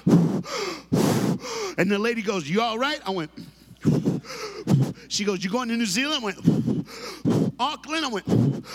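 A man, telling funny stories to a church crowd, animated, with loud bursts and acted gasps. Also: mid-range voice. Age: 50s. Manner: animated, comic, loud bursts and gasping sound effects. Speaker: motivational speaker. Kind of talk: humorous storytelling talk to a church crowd. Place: large church hall. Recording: long hall reverb.

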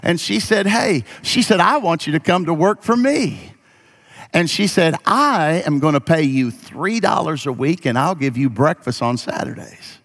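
A man's voice: on the high side, expressive, normal speed, fairly bright tone. A pastor preaching a sermon, moving from folksy stories to emphatic calls to his congregation.

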